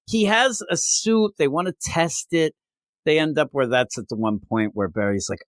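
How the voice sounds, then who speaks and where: Man, comic podcast co-host, casual recap, sarcastic, profane, lively swinging pitch, dry sound. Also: moderate pace, no echo. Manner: profane, sarcastic, acts out characters mid-recap. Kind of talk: casual comic review chat.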